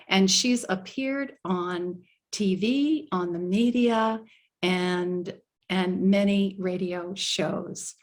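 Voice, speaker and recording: A woman's voice: mid-range voice, very slow. A woman hosting an interview show, a life coach with an enthusiastic, effusive way of talking.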